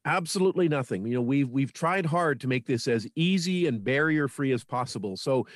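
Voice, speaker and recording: A man's voice: medium pitch, animated, fairly quick, no room sound. Earnest man on a dry mic. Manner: earnest and informative, with small restarts. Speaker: radio guest on local history. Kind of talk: casual radio interview.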